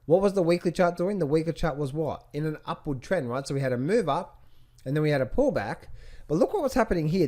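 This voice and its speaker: A man's voice: a little high, a little mellow. A man teaching trading from charts on screen, who keeps asking rhetorical questions and repeating his phrases. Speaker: trading coach. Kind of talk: screen-share chart walkthrough.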